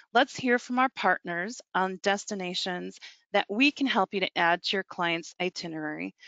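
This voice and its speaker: A North American woman presenting for a travel company in a webinar, speaking in a brisk, salesy way with small slips. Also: medium pitch, fairly bright tone, no room sound. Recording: dull lo-fi webinar audio.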